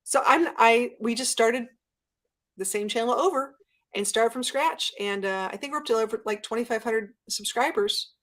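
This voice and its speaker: A woman guest chatting casually in an interview, telling stories with lively acted-out quotes. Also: on the high side, normal speed. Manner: animated storyteller, acts out quotes. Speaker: guest YouTuber.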